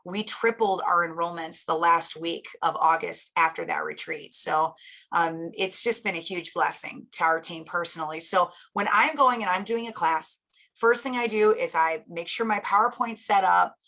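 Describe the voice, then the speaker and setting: A middle-aged woman hosting a live stream, chatting casually in an upbeat, gushing way while a bit hoarse from losing her voice. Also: on the low side, moderate pace, pushed and bright. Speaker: live-stream host and teacher.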